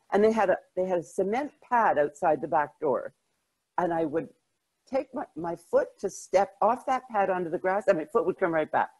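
An older woman, a journalist, answers interview questions with lively anecdotes, stumbling restarts and self-deprecating laughter. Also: fairly low pitch, normal speed, slightly rough, rough recording. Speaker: guest, journalist.

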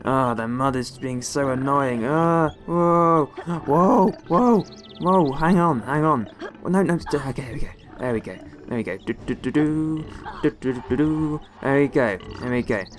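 A young man from the West Country of England commentating a let's play in a mid-pitched voice. He talks excitedly, yelping and grumbling at the game as he plays. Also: moderate pace, faint music behind. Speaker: gaming video host.

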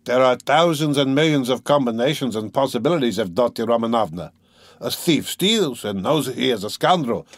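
A man reading an audiobook, voicing a smooth, manipulative gentleman who talks in a measured, insinuating way with small hesitations. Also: medium pitch, expressive, dry recording, natural voice.

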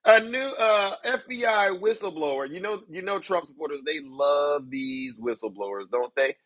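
A man's voice: fairly high pitch, lively intonation, normal speed, dry recording. A man hosting a political commentary show, ranting to his viewers in a theatrical, mocking showman manner. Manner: theatrical, mocking, showman-like, keeps saying "ladies and gentlemen".

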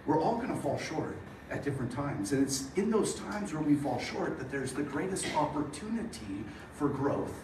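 A man's voice: sits high, slight background noise. A middle-aged man preaching a sermon, telling stories and acting out the voices of the people in them. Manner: storytelling with animated quoted voices. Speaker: pastor. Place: church hall. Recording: echoey hall from far off.

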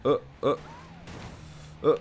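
A man hosting gameplay commentary, excitable and swinging from muttering to yelling as he plays. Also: slow, soft background music. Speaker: gaming channel host.

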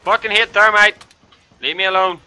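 A man giving loud, profane, excitable commentary over his own gameplay and yelling at opponents. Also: high voice, normal speed, clean tone. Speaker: gaming commentator.

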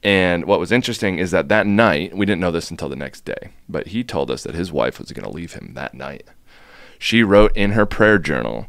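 A man's voice: sits low, lively intonation, a little fast, creaky, fairly bright tone, no echo, studio quality. A man guest on a podcast, telling a story casually and animatedly, swearing and acting out quotes.

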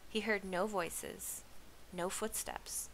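A woman reading a novel aloud with steady, expressive storytelling. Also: medium pitch, slow, slight background noise, poor audio. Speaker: reader.

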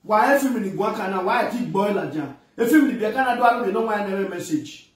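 A man with an Edo-flavoured Nigerian Pidgin accent, an actor ranting emphatically and pleading, his voice rising to shouts. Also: high-pitched, animated, fast talker, very echoey, far from the mic, low-quality recording. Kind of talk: impassioned rant.

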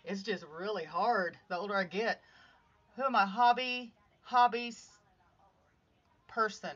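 A woman's voice: mid-range voice, fairly even intonation, unhurried, a bit bright. A woman hosting a casual livestream, chatting upbeat with viewers and greeting them by name while she works on crafts at home. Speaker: livestream host making craft art. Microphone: phone streaming live. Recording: slightly dull audio with faint music.

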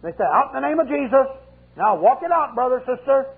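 Old preacher man doing a high sneery demon voice, raspy, taunting, phone-thin tape sound. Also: sing-song, a little fast, narrow, tinny audio, exaggerated voice. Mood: mocking. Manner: mocking, taunting, high-pitched. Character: sneering defiant male demon, a world ruler.

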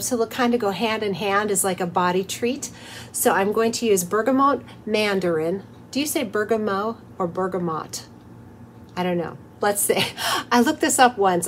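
A woman's voice: mid-range voice, slight background noise. Cheerful chatty woman teaching a craft. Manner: cheerful and chatty, with soft laughs. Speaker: host of a soap-making channel. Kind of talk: craft tutorial, talking through steps.

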